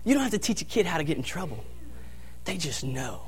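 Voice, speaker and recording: High-voiced animated preaching man. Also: fairly quick. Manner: animated, laughs through his story. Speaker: pastor. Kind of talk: storytelling sermon.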